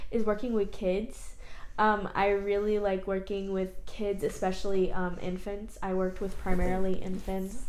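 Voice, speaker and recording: Chatty young woman in a roomy space. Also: medium pitch. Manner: chatty, emphatic, hesitant fillers. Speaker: YouTube co-host. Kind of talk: casual chat. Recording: roomy echo.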